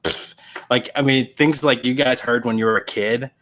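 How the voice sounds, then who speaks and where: Guy on a live reseller chat show, middle-pitched voice, gets animated telling stories and doing little voices. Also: moderate pace, slight background noise. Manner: animated storyteller, acts out voices in anecdotes. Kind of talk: casual livestream chat.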